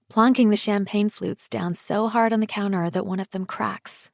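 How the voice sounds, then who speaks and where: Quiet woman narrating an audiobook. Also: fairly even intonation, gravelly, dry recording, studio quality. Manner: quiet, measured, low in the tags. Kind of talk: scripted narration.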